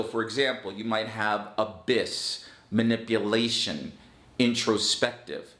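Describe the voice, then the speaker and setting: Slow, deliberate man teaching English. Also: medium pitch, fairly bright tone, echoey room. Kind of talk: online English lesson.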